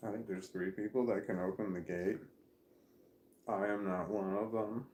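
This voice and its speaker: At home in a room with a puppy in his lap, a man vlogs to camera in a casual, rambling monologue. His voice is lowish, steady, and darkish, at a moderate pace, as he chats candidly and drifts between thoughts with self-deprecating humor. The room gives the recording an echo.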